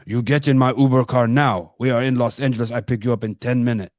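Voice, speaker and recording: A man's voice: medium pitch, fairly even intonation, fast talker, a little mellow, no echo, clean studio sound, natural voice. A man voicing a cheerful Armenian Uber driver who talks in broken English with a mock Armenian accent. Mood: proud. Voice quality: broken English, sing-song boasting.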